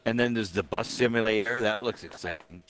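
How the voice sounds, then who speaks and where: A man's voice: fairly low pitch, a little fast, a bit bright, slight background noise. Rambling young man telling a story. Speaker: gamer. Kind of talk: casual gaming chat with friends.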